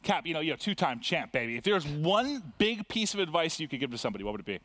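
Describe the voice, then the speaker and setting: A young man hosting a live esports show, animated and quick to laugh. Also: fairly high pitch, no room sound.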